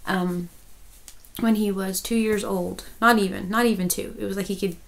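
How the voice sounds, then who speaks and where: A woman's voice: mid-range voice, steady tone, normal speed, gravelly, low-quality recording. A woman, chatting casually as a crochet vlogger, rambling with many restarts and turning emotional. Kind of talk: casual chat.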